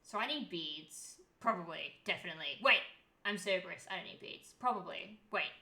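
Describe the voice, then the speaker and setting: A woman's voice: on the low side, animated, moderate pace, sharp tone, a little hiss or hum. A young woman streaming a game, chatting in a rambling way and swearing freely. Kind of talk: casual chat while gaming.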